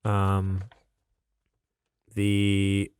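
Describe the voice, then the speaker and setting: Laid-back low-voiced man, podcast co-host. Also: monotone, very slow, a little mellow, clean tone, no echo, studio quality. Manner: laid-back, laughs often, reads news with many ums. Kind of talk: casual podcast chat.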